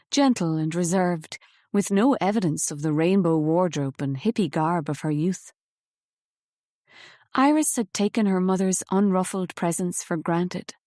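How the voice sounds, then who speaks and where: A woman reading a novel aloud in calm, measured scripted narration, close to the mic. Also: on the low side, no room sound. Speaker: audiobook narrator.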